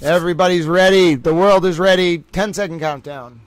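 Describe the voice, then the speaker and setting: A playful man hosts a casual livestream, joking about himself and calling out trivia rounds like a game-show announcer. His voice sits a little higher than most men's, and the sound is dry and close with no room echo. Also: a little fast. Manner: playful, jokey, self-mocking. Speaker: livestream host.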